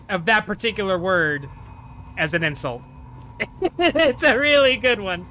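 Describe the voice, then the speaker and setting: A man streaming a horror game with a high, bright voice that swings widely up and down. He laughs a lot and talks to himself and his chat as he plays, with a faint hiss behind him. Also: slow pace. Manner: excitable, laughs often, talks to himself while playing. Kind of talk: live gameplay commentary and chat banter.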